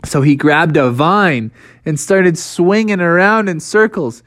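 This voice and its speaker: A man's voice: on the high side, measured pace. A man casually telling an improvised children's story. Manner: casual, animated.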